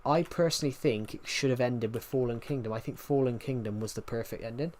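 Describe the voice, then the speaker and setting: A man's voice: medium pitch, brisk, a little mellow, a little hiss or hum. A young British man chatting casually on a livestream, rambling with many restarts and answering viewer comments. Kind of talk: casual stream chat.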